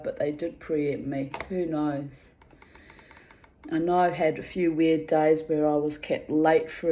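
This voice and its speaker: Low, mellow woman rambling. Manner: chatty, quirky, salty, calls listeners babies and darlings. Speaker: vlogger. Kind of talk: casual rambling monologue.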